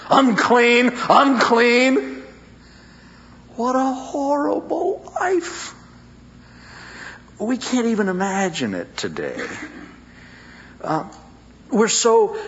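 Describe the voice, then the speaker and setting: Animated male preacher, dull recording. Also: fairly high pitch. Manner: dramatic, with drawn-out emphatic phrases. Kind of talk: sermon. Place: church service with a congregation.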